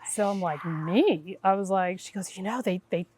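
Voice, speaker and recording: There's slight background noise as a middle-aged guest intuitive tells her story at a moderate pace in a mid-range voice. Animated throughout, she plays out the voices of the people she talks about.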